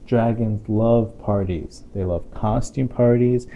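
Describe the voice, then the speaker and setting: A man reading a picture book aloud to a child, playful and expressive, with chatty asides to his young listener. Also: fairly low pitch, takes it slowly, dull audio, a little hiss or hum. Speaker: storytime reader.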